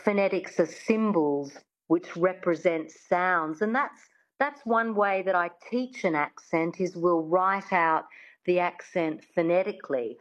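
Australian-raised woman coaching accents, muffled. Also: lowish voice. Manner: demonstrative, slows down to model sounds. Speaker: dialect coach. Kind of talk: teaching an accent in an interview.

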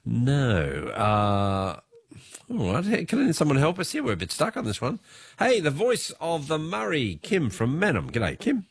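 Australian man, quiz host, animated intonation, dry close sound, fighting a cold, jokey. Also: mid-range voice, unhurried, husky, no room sound. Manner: jokey, chatty, laughs often. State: has a cold, voice lower than usual. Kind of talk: talkback radio quiz.

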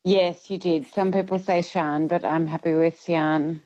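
A woman's voice: fairly low pitch, fairly even intonation, moderate pace. A woman calling in to a radio quiz, chatty and amused at her own family's customs. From Irish family. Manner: warm storyteller, laughs at herself. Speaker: caller. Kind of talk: casual phone-in chat. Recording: dull phone-in line.

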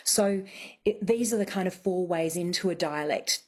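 Low-voiced woman dialect coach. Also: moderate pace, a little mellow, husky. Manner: methodical, explains step by step. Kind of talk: explanatory radio chat.

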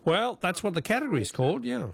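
A man's voice: high voice, very animated, fast, creaky, crowd noise. An Australian man hosting a talkback radio quiz, chatty, reading out callers' names and answers.

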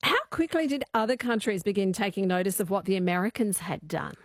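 A woman's voice: medium pitch, animated, a little fast, no room sound, studio quality. A woman hosting an interview and asking reflective questions. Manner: inquisitive, reflective. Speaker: interviewer, host.

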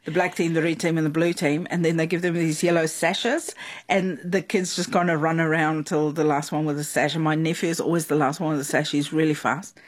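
A woman's voice: low voice, steady tone, a little fast. A woman from South Africa with a South African accent, telling stories as an interview guest in a chatty way, with frequent laughter and fillers. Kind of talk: casual storytelling.

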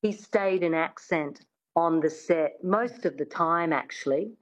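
A woman's voice: deep voice, unhurried, poor audio. A woman with an Australian accent, an accent coach chatting as an interview guest with many restarts.

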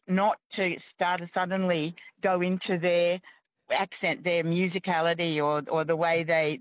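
A woman's voice: fairly low pitch, dry recording, dull audio. A woman from Australia calling in to a radio show, chatting with frequent hesitations and restarts. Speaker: caller. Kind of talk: radio call-in chat.

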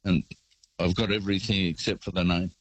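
A man's voice: low voice, little pitch movement, brisk, breathy edge, no echo, poor audio. An older Australian man calling in to a radio show, telling rambling travel stories. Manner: rambling storyteller. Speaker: caller. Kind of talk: phone-in anecdote.

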